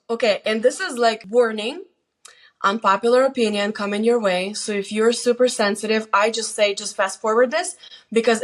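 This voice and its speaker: Earnest middle-aged woman giving advice. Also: a little high. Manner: earnest, plain-spoken storyteller giving advice. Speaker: guest, host's mother. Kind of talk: casual conversation.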